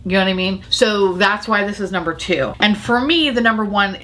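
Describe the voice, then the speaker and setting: A woman's voice: medium pitch, fairly quick, a bit bright. A woman hosting a casual makeup review vlog, talking in a chatty, gushing way with plenty of swearing. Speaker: beauty vlogger host.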